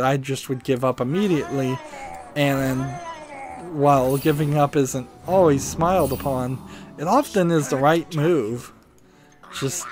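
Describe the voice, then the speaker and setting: A man hosting a gaming video, musing and rambling as he thinks aloud while playing. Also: mid-range voice.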